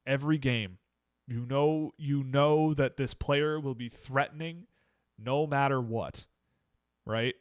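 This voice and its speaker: Chatting casually on a livestream, a Canadian man with a middle-pitched voice fields questions from chat, thinking out loud and restarting sentences. The recording is dry and close, with no room behind it.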